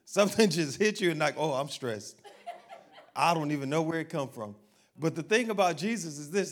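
Conversational preacher with a lively delivery. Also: male voice, fairly high pitch. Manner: conversational preacher, asking the crowd questions and acting out everyday voices. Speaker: pastor. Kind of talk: sermon.

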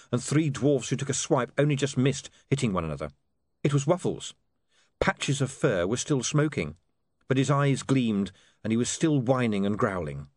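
A man narrates an audiobook in a measured, expressive way. His pitch moves widely through each sentence. The recording is dry and close. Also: dry recording.

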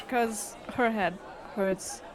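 Slow-talking woman narrating her character. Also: mid-range voice, steady tone, a crowd in the background, noisy background. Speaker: player. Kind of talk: tabletop role-play narration.

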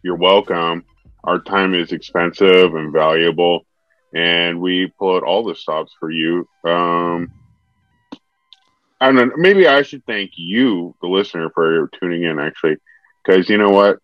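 Deadpan young man on a podcast. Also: low voice, unhurried, no echo, faint music behind. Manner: deadpan, dry jokes. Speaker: podcast co-host. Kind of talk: casual chat. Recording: dull, muffled dry sound.

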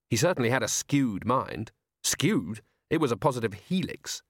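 Male audiobook narrator, mid-range, deliberate delivery; dry close-mic studio read. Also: mid-range voice, creaky, fairly bright tone, no echo. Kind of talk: scripted narration.

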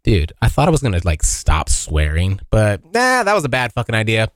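A man hosting a casual solo podcast, joking and swearing, now and then yelping into high silly voices. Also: normal speed, no room sound, clean studio sound. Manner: animated, swearing, jokey, yelps into high voices. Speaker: podcast host. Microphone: hot close mic.

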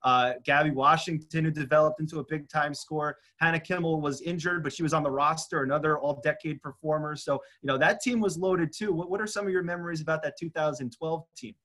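A man's voice: a little high, fairly even intonation, quick pace, hardly any pauses, bright, forceful tone. A man hosting an interview, chatty and stumbling over his words as he asks questions. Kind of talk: casual interview.

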